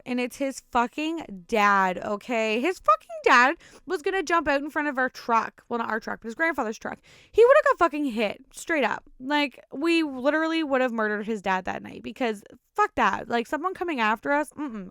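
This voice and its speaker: Smooth, higher-voiced woman telling stories. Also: pushed and bright, dry recording, clean studio sound. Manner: swears often, rambling with many fillers. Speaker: podcast host telling personal stories. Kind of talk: casual storytelling.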